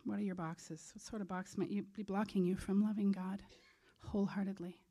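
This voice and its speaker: A woman's voice: medium pitch, fairly even intonation, brisk, warm tone. Earnest conversational woman preacher. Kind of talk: sermon.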